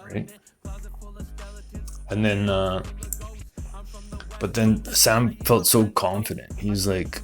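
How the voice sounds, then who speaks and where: Man, low voice, comedy host, rambling conspiracy bit, lots of fillers, faint music behind. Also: level tone. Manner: meandering, filler-heavy, acts out others in quick put-on voices.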